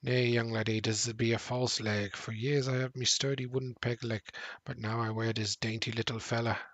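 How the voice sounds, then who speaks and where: A man voicing a gruff old one-legged male pirate who talks in heavy pirate slang with a slow growl. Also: medium pitch, level tone, fairly bright tone, dry recording, lightly acted.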